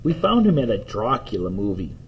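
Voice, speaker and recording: A man voicing a whiny, excitable young boy while reading a storybook aloud, in a husky voice. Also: fairly quick, exaggerated voice. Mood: pleading. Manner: pleading, giggling, high-pitched.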